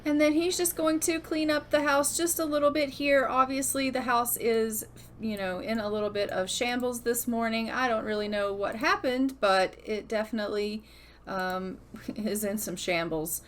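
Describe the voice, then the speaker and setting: A woman's voice: on the high side, steady tone, moderate pace, a little hiss or hum. A young adult woman giving casual, chatty commentary as she plays a life-simulation game. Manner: chatty, storytelling, upbeat. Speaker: gaming YouTuber.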